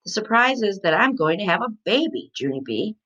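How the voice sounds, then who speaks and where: A patient young mother coaxes her child in a lively, questioning voice, voiced by a woman reading aloud. She speaks gently and asks questions. The sound is dull and lo-fi. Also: medium pitch, fairly quick. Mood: coaxing. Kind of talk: read-aloud storybook.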